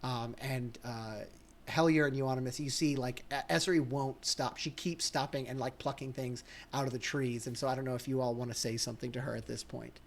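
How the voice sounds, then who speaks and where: Zögernder Spielleiter, ein Mann. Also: male voice, medium pitch, steady tone, a little fast, gravelly. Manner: hesitant, many ums and restarts. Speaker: game master. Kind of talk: narrating a tabletop game.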